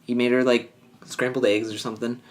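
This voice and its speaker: A man's voice: medium pitch, flat delivery, a little fast. A man co-hosting a podcast, casually recapping a reality show in a rambling way, full of fillers and acted-out quotes. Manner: rambling, filler-heavy, acts out quoted lines. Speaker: podcast co-host.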